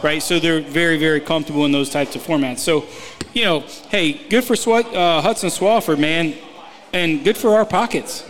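A man in his forties co-hosts a loose golf chat, rambling and tripping over his own sentences, with casual swearing. His voice sits slightly high. A long reverb hangs on every phrase. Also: moderate pace, fairly bright tone, a little hiss or hum. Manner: rambling, stumbling restarts, profane. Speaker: podcast co-host, golf analyst.

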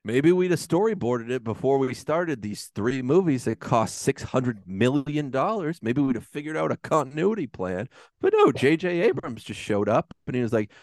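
Ranting, animated male podcast co-host. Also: medium pitch, moderate pace, no room sound, clean studio sound. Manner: heated, ranting, swears often. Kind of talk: casual podcast chat.

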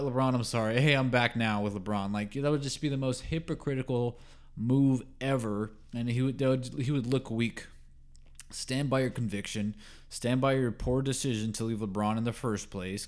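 Opinionated man ranting on a podcast. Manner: opinionated, rambling with fillers and restarts; gets louder and higher when heated. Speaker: podcast host. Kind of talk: solo sports podcast monologue.

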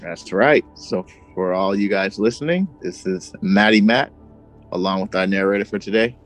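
A man's voice: on the low side, normal speed, faint music behind, rough recording. A man co-hosting a true crime podcast, talking in a casual, slangy way and laughing often. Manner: laid-back, laughing, slangy. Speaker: podcast co-host. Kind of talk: casual chat.

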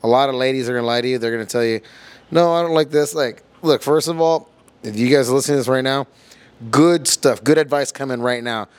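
A man in the middle of his pitch range, throwing out crude jokes and over-the-top mock advice to his friends. He talks with a brash, teasing bravado. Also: quick pace, clean tone. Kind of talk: crude comedic banter.

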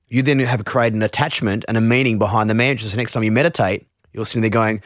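Male meditation teacher, interview guest; lowish, easygoing, rambling explainer; dry close recording. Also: a little fast, hardly any pauses, dry recording. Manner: relaxed, explains with many restarts and asides.

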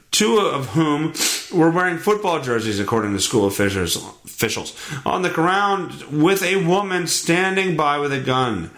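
Sarcastic ranting male podcast host. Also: a bit bright. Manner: sarcastic, ranting, swings up and down in pitch. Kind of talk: casual solo podcast commentary. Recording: roomy echo.

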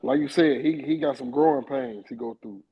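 A man's voice: medium pitch, a little fast, slightly rough, highs cut off. A man talking loosely and in slang, repeating himself, as a panelist on a casual sports podcast.

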